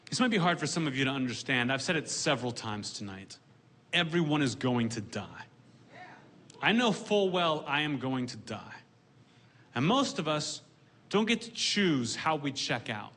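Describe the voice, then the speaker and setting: A man performing a stand-up comedy set in a deadpan way, delivering dark punchlines dryly on a comedy stage with audience laughter behind him. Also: medium pitch, moderate pace.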